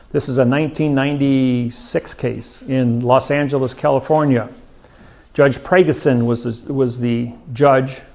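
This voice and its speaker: A man's voice: medium pitch, creaky. A man telling a story in a loose, rambling way, repeating and restarting his phrases. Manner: acts out quoted voices louder and faster. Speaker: speaker telling a personal courtroom story.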